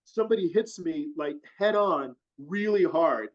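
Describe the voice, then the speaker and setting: A man with a higher voice talks a little slowly as he guests on an interview, animatedly rambling through a long personal story stuffed with fillers. The recording quality is dull lo-fi.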